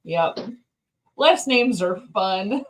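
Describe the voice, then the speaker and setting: A woman's voice: medium pitch, expressive, drawn-out words, poor audio. A woman co-hosting a casual chat show, telling amused stories. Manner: storytelling, amused, chatty. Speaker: co-host.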